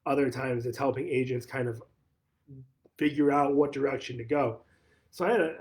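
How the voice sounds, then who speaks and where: A man with a medium-pitched, slightly mellow voice manages a real estate office. Speaking casually on a livestream, he retells a conversation, frequently repeating himself and restarting phrases.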